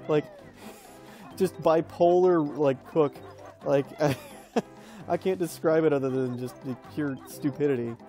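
A man's voice: a little high, steady tone, measured pace, long pauses, warm tone, soft background music. A young man casually commenting while playing a video game, rambling and laughing through stories with lots of fillers. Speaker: let's play host.

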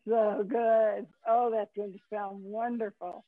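A woman hosting an interview, chatting slowly and enthusiastically. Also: medium pitch, flat delivery, dry recording. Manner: slow and enthusiastic. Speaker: host. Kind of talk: casual interview chat. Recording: tinny phone-like line.

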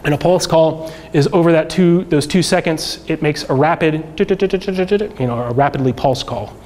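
A man teaching a workshop class, talking through slides in a relaxed, conversational way with many fillers and restarts. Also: a little high, measured pace. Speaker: workshop instructor. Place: lecture room.

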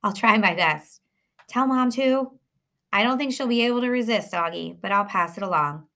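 A warm-hearted, joking father speaks gently and fondly, read by a woman narrator. The tone is soft and coaxing, pitched in a middle register. It plays as a storybook reading. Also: normal speed. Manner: gentle, pleading, playful. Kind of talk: audiobook reading.

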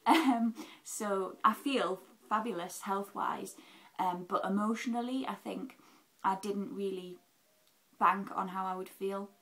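A woman's voice: mid-range voice, takes it slowly, poor audio. Chatty woman vlogger, candid update. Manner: chatty and candid, lots of "um"s and acted-out quotes. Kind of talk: casual health update vlog.

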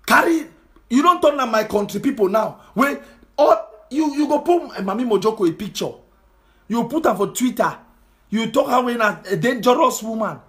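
Repeated rhetorical questions drive this impassioned social media monologue, in which a political commentator with a Cameroonian Pidgin English accent scolds his audience. His voice is very high, fairly bright, lively in intonation and moderate in pace.

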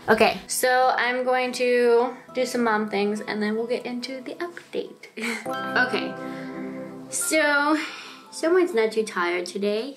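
A young woman vlogging casually at home in her apartment, chatty and bubbly, laughing often as she talks to the camera. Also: on the high side. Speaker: vlogger and new mom.

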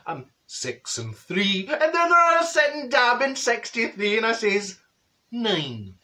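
A man's voice: very high-pitched, huge pitch swings, slow pace, sharp tone, exaggerated voice. A man playing a chatty, straight-talking woman from Glasgow with a Glaswegian Scottish accent, telling a comic story in a gossipy, bossy way and acting out other people's voices. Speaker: comedy character. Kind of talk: comedy character monologue.

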